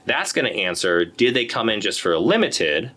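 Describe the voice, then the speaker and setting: A man's voice: lowish voice, very animated, normal speed, sharp tone. A man giving a casual, conversational lecture to other dentists, acting out patient quotes now and then. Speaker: endodontist educator. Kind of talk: lecture presentation.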